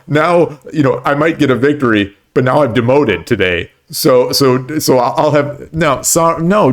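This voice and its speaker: A man streaming himself playing shogi online at home, rambling and stammering with lots of repeated words and joking at his own losing streak. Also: mid-range voice. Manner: self-deprecating about his losses. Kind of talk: live-stream commentary while playing.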